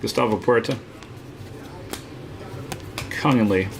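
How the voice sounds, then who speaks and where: A man's voice on the low side, slow and with vocal fry, runs a live card break over slight background noise. He keeps the live-stream chat casual, teasing viewers between lots of "uh"s.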